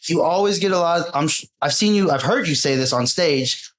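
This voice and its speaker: A man hosting a podcast, talking in a relaxed, affirming way as he asks his guest questions. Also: a little high, brisk. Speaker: podcast host. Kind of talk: casual interview talk.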